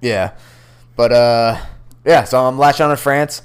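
A man's voice: mid-range voice, fairly even intonation, unhurried, clean tone. A young man co-hosting a podcast over a computer call, talking sports in loose, joking banter with plenty of swearing. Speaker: podcast co-host. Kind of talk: casual sports chat.

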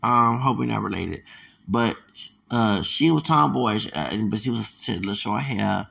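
A man's voice: on the low side, lively intonation, unhurried, creaky, fairly bright tone. A man talking alone on his podcast, ranting in a heated, rambling and emphatic way. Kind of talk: solo podcast rant.

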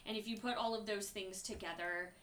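A woman co-hosting a podcast, rambling and animated through a movie review with plenty of swearing and "like" fillers. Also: mid-range voice, fairly quick, a little hiss or hum. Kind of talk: casual chat reviewing a movie. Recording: echoey room, a bit far from mic.

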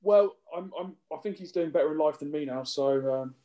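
A man's voice: on the high side, a little fast, dark tone, dull audio. A young man co-hosting a podcast, rambling and self-deprecating in casual chat. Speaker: podcast co-host.

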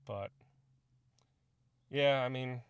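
Young male podcast co-host, mid-pitched, casual and profane storyteller, dry close mic. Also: drawn-out words, clean tone, no echo. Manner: profane, storytelling, acts out quoted voices. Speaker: podcast co-host, army veteran. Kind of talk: casual chat.

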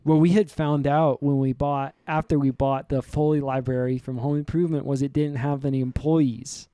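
A man co-hosting a comedy podcast, rambling through an absurd improvised recap with a deadpan delivery. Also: medium pitch, normal speed, clear, resonant tone, no echo, studio quality. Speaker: podcast co-host.

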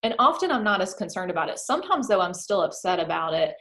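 A woman's voice: on the low side, quick pace. A woman talking casually and openly, full of "like" fillers, who acts out her own thoughts in quoted voices. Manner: chatty, animated, filler-heavy with lots of "like". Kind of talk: casual chat.

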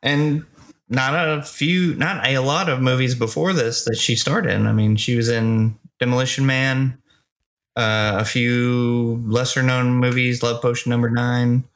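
A man co-hosting a casual movie review podcast, relaxed and hesitant, with lots of pauses and restarts. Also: medium pitch. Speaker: podcast co-host.

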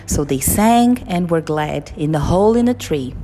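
A woman reading children's stories and fables aloud in a slow, expressive, sing-song way. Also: lowish voice. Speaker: storyteller. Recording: reverberant with soft music.

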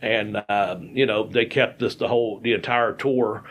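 A man's voice: fairly low pitch, fairly even intonation, moderate pace, a bit bright. A man, a podcast co-host and former wrestler, telling rambling stories in casual chat. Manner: rambling, folksy, repeats words.

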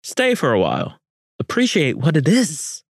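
A man's voice: on the high side, huge pitch swings, moderate pace, gravelly, breathy edge, no room sound, studio quality, voice pushed up, heavily acted. A man voicing a proud Spanish conquistador leader who speaks in an insistent, lofty way. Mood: coaxing.

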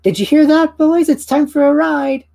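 A woman voicing a tiny, excitable brownie creature with a high, gleeful shout. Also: normal speed, gravelly, no echo, clean studio sound.

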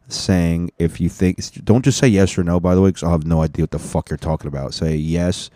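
A man's voice: rumbling low, creaky, dark tone, no echo. A young man hosting a solo podcast, talking in a loose, profane, rambling way. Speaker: podcast host.

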